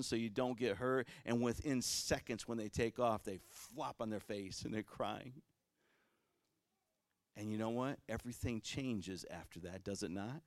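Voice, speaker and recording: A man preaching a sermon as pastor, swinging from loud fervent passages to quiet conversational ones. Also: mid-range voice, moderate pace, no room sound, clean studio sound.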